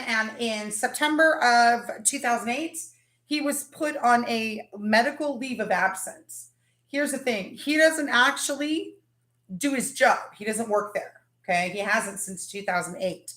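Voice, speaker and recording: A woman's voice: a little high, expressive, measured pace, a bit bright, roomy sound. A woman hosting a casual livestream, chatting and greeting viewers by name. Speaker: livestream host.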